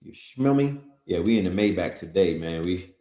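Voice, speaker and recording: A man's voice: low voice, animated, normal speed, mellow. A man hosting a casual livestream, talking loosely in slang straight to his audience. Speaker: host. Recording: roomy echo.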